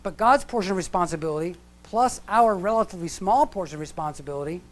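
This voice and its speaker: A man's voice: high voice, quick pace. A middle-aged man giving a lecture-style sermon in a church hall, talking conversationally with restarts and asides. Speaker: church speaker.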